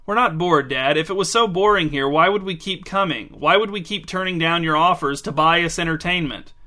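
A man voicing a bored, exasperated teenage girl in a storybook reading, with a flat, weary delivery. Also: on the high side, brisk. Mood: bored exasperation.

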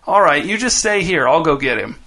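A man voicing a cocky young boy who taunts and shouts in a high, gleeful voice. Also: animated, brisk, exaggerated voice. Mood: taunting.

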